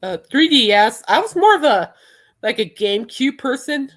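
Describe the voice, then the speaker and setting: A woman's voice: fairly high pitch, sing-song, normal speed. A young adult woman hosting a podcast in casual chat, rambling and laughing often. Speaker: podcast host.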